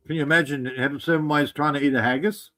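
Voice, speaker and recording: A man with a notably high voice joins a casual live stream as co-host. He talks in a teasing, joking way, dropping wry asides as he goes. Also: steady tone, fast talker, pushed and bright.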